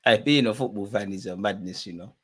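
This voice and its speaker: A man's voice: fairly low pitch, fairly quick, a bit bright, slightly rough. A young man hosting a live football watch-along, ranting at the referee and swearing, full of street slang. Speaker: streamer.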